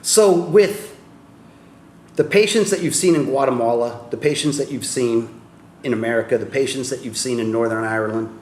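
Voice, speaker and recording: A man's voice: mid-range voice, moderate pace, darkish tone. A man hosting a casual interview, asking long questions and laughing along easily. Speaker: podcast host. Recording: roomy with faint ambient noise.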